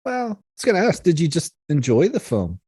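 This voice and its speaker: A man co-hosting a casual film review podcast, talking in an animated, exasperated way with plenty of swearing. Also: on the high side, fairly quick, breathy edge, dry recording. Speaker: podcast co-host.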